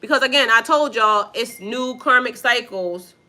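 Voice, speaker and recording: A woman's voice: on the high side, normal speed, sharp tone. A woman giving a spiritual card reading, breaking off to react bluntly and profanely to viewer messages. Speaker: tarot reader. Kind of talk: reading plus live chat reactions.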